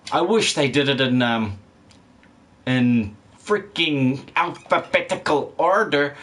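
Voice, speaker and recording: He's a gamer on a livestream, reading chat aloud and rambling in a laid-back, condescending-sounding way. His fairly high, slightly bright voice carries frequent laughter and plenty of swearing.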